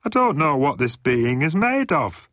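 A man voicing a shrill, nervous male alien gunner who is eager to please. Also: big pitch swings, a little slow, fairly bright tone, no echo, clean studio sound.

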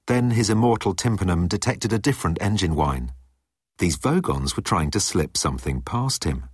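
A man reading a story aloud as narrator, in a lively storytelling way. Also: low-pitched, normal speed, husky, no room sound, clean studio sound. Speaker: audiobook narrator. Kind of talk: scripted narration.

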